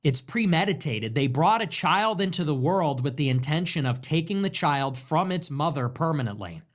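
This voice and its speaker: Male host, somewhat high voice, animated delivery, emphatic and repetitive monologue. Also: normal speed. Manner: emphatic, repetitive, rhetorical questions. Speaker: show host. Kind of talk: political commentary monologue.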